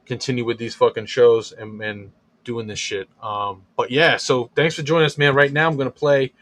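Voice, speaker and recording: A man's voice: mid-range voice, fairly even intonation, normal speed, a bit bright, dry recording. A man hosting a podcast in casual, loose chat, swearing freely and leaning on fillers. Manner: loose, profane, filler-heavy talk. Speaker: podcast host.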